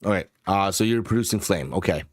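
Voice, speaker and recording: A man narrating as game master of a tabletop game, unhurried and descriptive, with frequent ums. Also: sits low, no echo, studio quality.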